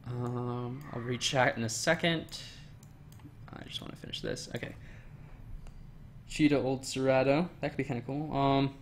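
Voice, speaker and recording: A young man talks loosely through a livestream at his desk mic, drifting between thoughts and reading chat aloud. His speech is relaxed and rambling, full of ums and half-finished sentences. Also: medium pitch, normal speed, pauses often, slight background noise.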